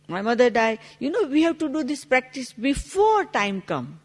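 A woman's voice: sits high, very animated, moderate pace, long reverb tail. A woman giving a spiritual talk, telling a story with acted-out dialogue in non-native English. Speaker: spiritual teacher.

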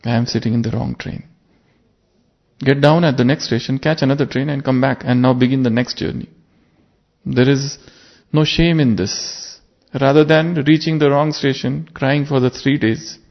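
Earnest man, gravelly sermon voice. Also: medium pitch, fairly even intonation, moderate pace. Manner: earnest, reflective, poses rhetorical questions. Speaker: spiritual teacher. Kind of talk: sermon with parable. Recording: muffled lo-fi recording.

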